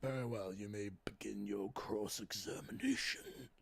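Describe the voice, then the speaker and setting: A man voicing a slow formal old judge. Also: on the low side, huge pitch swings, vocal fry, breathy edge, no echo, exaggerated voice. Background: loud game music.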